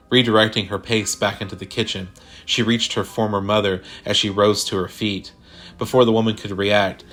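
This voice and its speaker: A man reading a sci-fi horror short story aloud in a measured, deliberate way. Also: fairly low pitch, fairly bright tone. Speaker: narrator. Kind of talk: scripted horror story narration.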